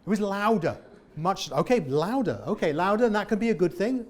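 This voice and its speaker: A man, a former comedian, leading a lively interactive workshop on presenting and asking the audience questions. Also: sits high, fairly quick. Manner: animated, jokey, questions the audience. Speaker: presentation trainer. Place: meeting room with an audience.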